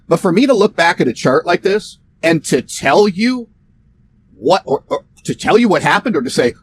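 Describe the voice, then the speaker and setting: Sarcastic male software promoter with a fairly high voice, ranting to camera and swinging his pitch all over. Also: normal speed, slight background noise. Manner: animated, sarcastic, mocking. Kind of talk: ranting direct-to-camera talk.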